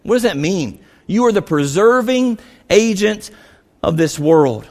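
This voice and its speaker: A man preaching a sermon as pastor, animated, acting out the voices of biblical figures as he retells the story. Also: high voice, unhurried, big-room sound.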